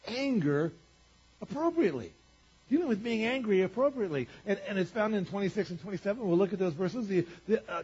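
Husky-voiced male preacher, lo-fi recording. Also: high-pitched. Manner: conversational preaching, rhetorical questions, swings from loud to quiet. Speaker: pastor. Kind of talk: sermon. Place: church. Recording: dull lo-fi church recording.

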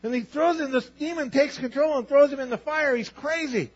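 A man's voice: very high voice, a little fast, highs cut off. A man preaching a sermon as pastor, emphatic, acting out Bible voices as he tells the stories.

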